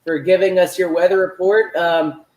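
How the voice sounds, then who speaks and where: A man's voice: sits high, normal speed. A man from Houston hosts a laid-back podcast over a remote call, hesitant and full of ums. His voice has a roomy echo. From Houston, Texas. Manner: relaxed, hesitant, many fillers. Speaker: podcast host. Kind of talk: casual podcast chat. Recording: echoey room.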